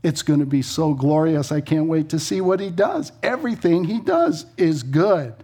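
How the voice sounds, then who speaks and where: A middle-aged male pastor with a rather high voice preaches a sermon. He talks in a chatty storytelling way, breaks into laughs, and throws in quick asides before reading scripture. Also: animated, mellow, husky.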